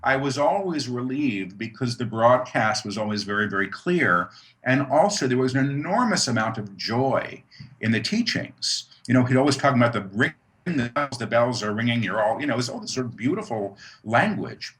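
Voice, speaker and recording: Bright-toned reflective man. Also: medium pitch, expressive, moderate pace. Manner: earnest, reflective, many restarts and "you know"s. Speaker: guest, author and medium. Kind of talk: conversational interview.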